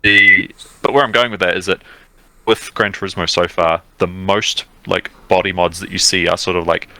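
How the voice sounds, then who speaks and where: A man's voice: sits low, steady tone, moderate pace, sharp tone, dry recording, low-quality recording. A man co-hosting a podcast, rambling casually with fillers and restarts. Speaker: podcast co-host. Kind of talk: casual chat.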